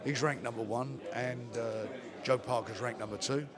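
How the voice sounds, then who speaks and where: A man's voice: mid-range voice, steady tone, normal speed. An older man, a boxing promoter giving a plainspoken post-fight interview and repeating phrases for emphasis. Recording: crowd chatter behind the voice.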